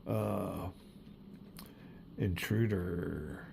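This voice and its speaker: A man's voice: deep voice, very slow, gravelly, noisy background. A middle-aged man narrating his solo board wargame, chatting and thinking aloud as he rolls dice. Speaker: board game player and channel host. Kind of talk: solo wargame playthrough commentary.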